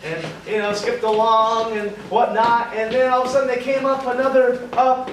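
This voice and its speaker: A man narrates a made-up comic story onstage, wandering off track, fixing his words, and chuckling at himself. He speaks at a moderate pace in a very high, level voice, heard through a distant, echo-heavy live recording with a little hiss or hum.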